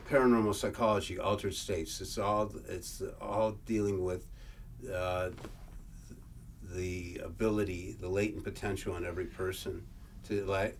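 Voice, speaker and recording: A man presenting a workshop, reading old verse aloud and explaining it in a halting way, often repeating and restarting words. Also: sits low. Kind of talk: lecture reading and explaining scripture. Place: workshop room. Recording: distant mic, faint room noise.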